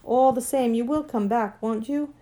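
A woman voicing an earnest, anxious young boy who pleads excitably in a storybook reading. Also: on the high side, normal speed, slight background noise, pitched above the performer's own voice, natural voice. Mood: pleading.

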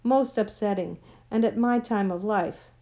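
A flustered old gentleman, voiced by a woman narrator, mutters to himself in a fussy, shaken way. The tone is mellow and unhurried, like a character in a children's storybook. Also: medium pitch, close to an everyday voice.

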